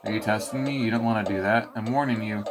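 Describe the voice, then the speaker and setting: A man doing a gruff scolding mole. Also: lowish voice, steady tone, fast, lightly acted. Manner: scolding, blustery, slangy. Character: gruff angry male mole scolding the player. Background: game music.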